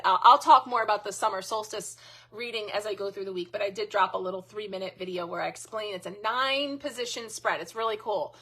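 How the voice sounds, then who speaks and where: A woman's voice: mid-range voice, sharp tone, breathy edge. A middle-aged woman hosting a live card reading, chatting casually and thanking viewers by name. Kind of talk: casual live-stream chat.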